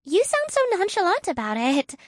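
A woman voicing an excitable young woman scientist, high bright voice, audiobook character, eager questioning, dry close sound. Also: moderate pace, no room sound, exaggerated voice.

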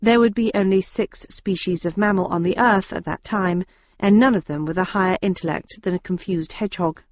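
A woman's voice: medium pitch, fairly quick, a little mellow, lo-fi sound. A woman narrating a novel in the first person, in a dry, wry storytelling manner. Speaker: audiobook narrator.

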